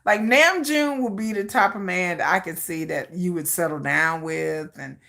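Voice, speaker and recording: A woman hosting a livestream in casual chat, rambling and animated and laughing often. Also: lowish voice, moderate pace, gravelly. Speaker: livestream host.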